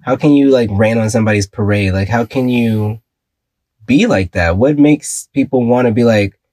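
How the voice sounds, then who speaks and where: A man's voice: medium pitch, moderate pace, darkish tone, no echo. A man co-hosting a podcast in casual chat, blunt, sassy and profane. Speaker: podcast co-host.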